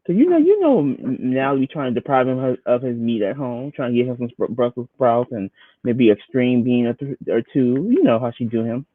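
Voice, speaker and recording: A man's voice: mid-range voice, lively intonation, brisk. A man co-hosting a podcast, chatting casually about a reality show, often stammering and restarting as he quotes himself. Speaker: podcast co-host. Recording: dry, phone-like narrow sound.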